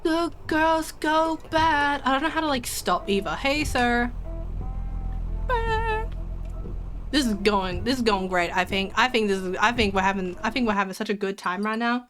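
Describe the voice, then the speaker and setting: A woman's voice: mid-range voice, fairly quick, few pauses, fairly bright tone, soft background music. A young woman streamer chatting casually with her viewers while playing a game, giggling and joking. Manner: chatty, giggly, talks to chat. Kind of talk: casual gaming commentary.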